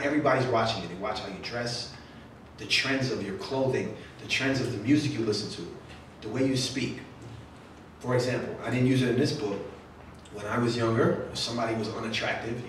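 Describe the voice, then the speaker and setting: A brisk, medium-pitched male author chats with young readers in a literary center's event room, taking questions, joking and doing quoted voices. The sound comes from far away in a very echoey room, with faint noise.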